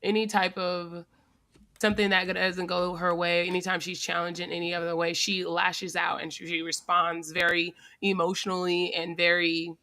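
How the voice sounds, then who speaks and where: A woman co-hosting a casual panel talk, reasoning aloud in a measured way. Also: fairly low pitch, little pitch movement, bright, forceful tone. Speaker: podcast co-host.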